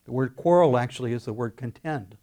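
A man preaching a sermon, animated, acting out quoted voices as he goes. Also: medium pitch, fairly quick. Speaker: pastor.

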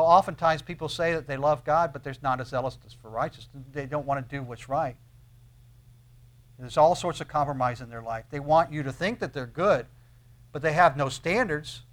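A man preaching a sermon on scripture, emphatic, slowing to stress phrases, repeating key words and dropping suddenly to a low, soft voice.

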